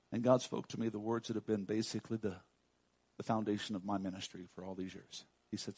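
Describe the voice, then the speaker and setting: An older man with a Texan accent preaching a sermon as pastor, folksy, swinging from soft asides to loud emphasis. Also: lowish voice, level tone, fast, husky.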